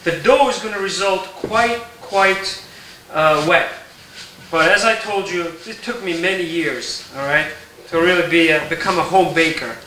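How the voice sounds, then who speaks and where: A man walks through a recipe in his home kitchen, relaxed and explanatory, often checking in with his viewers. His voice is very bright and slightly high. It sounds roomy and set back from the mic, with faint kitchen clatter behind. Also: a little slow, distant mic, a little hiss or hum. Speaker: home baker teaching a recipe. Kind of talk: casual cooking tutorial.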